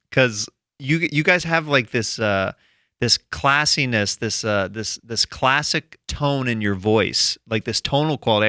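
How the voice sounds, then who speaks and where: A man's voice: mid-range voice, sharp tone, smooth, dry recording, clean studio sound. A man hosting a casual comedy podcast, talking in an enthusiastic, rambling way with many restarts. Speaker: podcast host. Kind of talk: casual chat.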